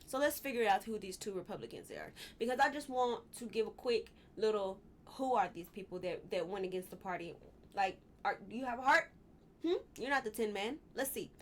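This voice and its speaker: A woman's voice: mid-range voice, expressive, fairly quick, a little hiss or hum. A woman vlogger giving casual political commentary, candid and heated, swearing and drifting into personal asides.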